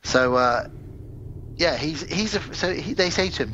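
A man's voice: mid-range voice, brisk, creaky, lo-fi sound, a little hiss or hum. Man retelling a movie plot. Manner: animated storytelling, retelling movie plots with acted quotes. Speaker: podcast co-host. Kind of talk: casual chat.

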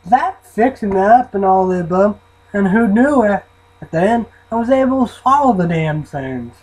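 A man's voice: high voice, animated, moderate pace, darkish tone, low-quality recording. A man rambling and swearing in a casual vlog, often trailing off into mumbles. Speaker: vlogger reviewing an energy drink.

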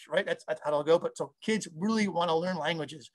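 Excitable guy in his 50s, kinda high voice, rambles and cuts himself off a lot. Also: quick pace, few pauses. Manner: rambling, enthusiastic, self-interrupting. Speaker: guest, audio software founder and engineer. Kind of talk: casual interview chat.

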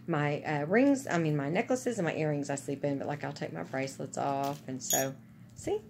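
A woman's voice: sits low, brisk, creaky, background noise. A woman chatting casually and gushing to her viewers about gifts she is unboxing. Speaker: vlogger.

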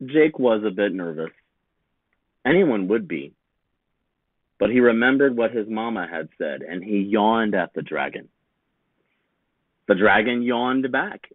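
A man, a teacher, reading a children's picture book aloud with slow, very expressive storytelling. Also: on the low side, no room sound. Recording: tinny phone-like sound, dry.

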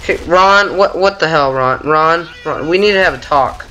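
Teen boy gaming commentator, bright tone, chatty trash talk, home desk mic with faint noise. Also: fairly high pitch, moderate pace. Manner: chatty, trash-talking, frequent mild exclamations. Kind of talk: casual gameplay commentary. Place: bedroom at home.

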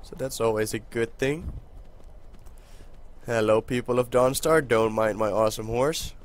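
A young man hosting a casual let's-play, excitable and chatty with his viewers, with a hoarse voice that keeps cracking. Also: mid-range voice, unhurried. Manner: excitable, talks to viewers while playing. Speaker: gaming channel host.

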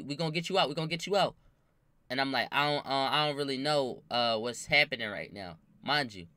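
A young man telling a story in casual slang, acting out the voices of the people in it. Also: mid-range voice. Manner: animated, acts out quoted voices, slangy.

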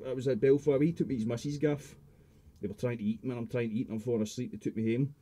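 A man's voice: mid-range voice, fairly even intonation, rapid-fire, dark tone. A young man in his twenties, a podcast guest telling a rambling, sweary story and tagging his lines with "mate". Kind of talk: casual storytelling chat.

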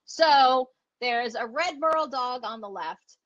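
A woman's voice: high voice, takes it slowly, fairly bright tone, dry recording. A woman dog trainer teaching online, chatty and enthusiastic, acting out the dogs as she explains. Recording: dull lo-fi audio.

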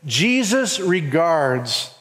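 A man's voice: a little high, big pitch swings, extremely slow, a bit bright. A man giving an earnest sermon as pastor with a Southern US accent. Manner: earnest preaching, acts out quoted voices. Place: church sanctuary. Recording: long reverb of a hall.

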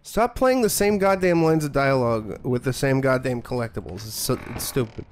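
A man's voice: medium pitch, expressive, moderate pace, slight background noise. A young man streaming a horror game, joking, sarcastic and profane. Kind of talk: profane let's play commentary.

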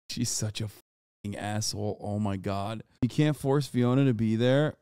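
A man's voice: lowish voice, measured pace, mellow. A man in his thirties streaming live, talking casually and profanely, ranting at his chat while dogs bark nearby. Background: dogs barking.

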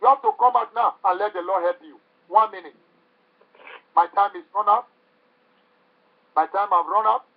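A man's voice: high-pitched, moderate pace, pauses often. A man preaching a sermon with fervent, repetitive exhortation. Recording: tinny phone-like recording.

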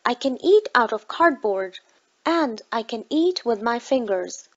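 A woman's voice: a little high, animated, unhurried, muffled recording. A woman voicing a poor, very old woman who pleads in a trembling voice. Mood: pleading.

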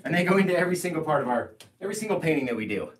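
A young male painting instructor streaming a live tutorial from his easel. His voice rises and falls in a lively way, mostly gentle and hushed while he works, then breaks into loud playful outbursts. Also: on the high side, rapid-fire, crowd noise. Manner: soft-spoken, bursts into playful loud radio voice.

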